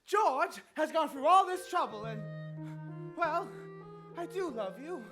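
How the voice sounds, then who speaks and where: A woman's voice: sits high, lively intonation, slow pace, fairly bright tone, soft background music, exaggerated voice. A woman playing an earnest, lovesick young groom in a stage musical, pleading.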